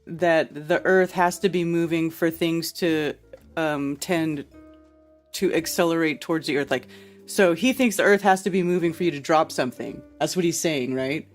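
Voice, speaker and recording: A woman's voice: low voice, normal speed, soft background music. A woman hosting a casual livestream, chatting and reacting with laughs as she comments on a played clip and reads out viewer comments. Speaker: livestream host.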